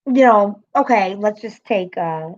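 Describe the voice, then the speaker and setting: A woman's voice: mid-range voice, lively intonation, measured pace, muffled recording. A woman hosting her own livestream in casual chat, rambling, laughing often and swearing freely. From American city. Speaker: livestream host.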